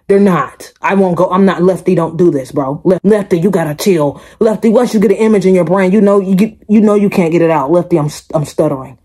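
A woman hosting a reaction video, chatting casually and emphatically to her viewers and repeating her points. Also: fairly low pitch. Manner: animated, emphatic, repeats herself, addresses viewers directly.

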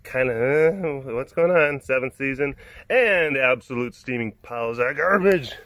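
A man hosting a casual walk-and-talk vlog outdoors on a hot afternoon, rambling along in an animated, joking way. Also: mid-range voice, measured pace, no echo. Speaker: vlog host at a big cat facility.

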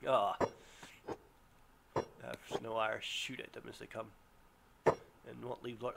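A man commentating his own gameplay, excitable, yelping and groaning as things go wrong. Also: mid-range voice, slow, vocal fry, pauses often, slight background noise. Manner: excitable, yelps and groans at setbacks. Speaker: let's play gamer. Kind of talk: live game commentary.

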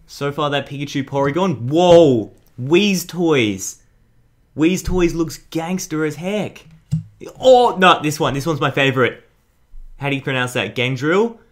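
A young man hosting an excited card unboxing, hyped and full of slang. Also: fairly high pitch, a little slow. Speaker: YouTube host.

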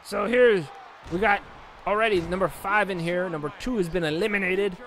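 A young man with a high, fairly bright voice casually commentates a wrestling video game at a moderate pace. He rambles and jokes, sometimes slipping into mock play-by-play calls. The room is echoey, with game music playing behind him.

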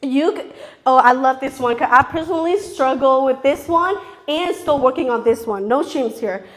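A woman with a high-pitched voice preaches a sermon at normal speed in English, which is her third language. She is earnest and confessional, frequently asking the audience "okay?"

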